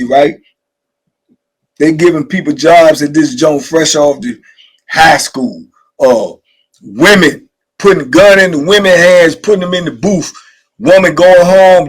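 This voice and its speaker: A middle-aged man, hosting and telling prison stories in a casual, animated way, acting out the people he quotes. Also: fairly high pitch, poor audio. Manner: animated storyteller, acts out quotes, "you know what I'm saying". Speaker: host sharing prison stories. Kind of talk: casual storytelling conversation.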